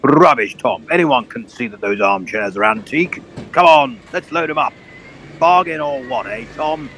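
A man's voice: on the high side, moderate pace, gravelly, slight background noise. A man playing a pompous, blustering old colonel who hunts for bargains. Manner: blustering, posh, excitable.

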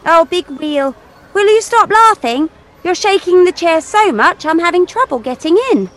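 Woman voicing a young girl, high pitch, very lively, playful, teasing, children's story, faint music. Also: moderate pace. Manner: bright, sing-song and playful. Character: cheeky young girl who teases machines. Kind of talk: children's audio story acting.

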